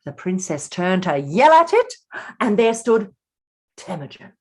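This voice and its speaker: A woman's voice: mid-range voice, big pitch swings, unhurried, a little mellow. A woman author reading her picture book aloud to children, theatrical and addressing the young listeners directly.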